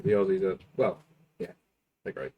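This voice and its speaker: A man's voice: low voice, moderate pace, phone-quality sound. Jokey man at a game table. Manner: jokey, laughs a lot, swears. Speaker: player. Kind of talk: casual chat at a game table.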